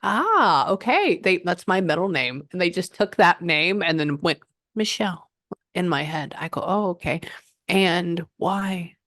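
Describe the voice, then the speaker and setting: A woman working as a psychic medium, giving a client a reading and passing on messages in an animated, chatty way. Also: fairly low pitch, a little slow, dry recording, clean studio sound. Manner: animated, relays messages in quotes, frequent "hold on".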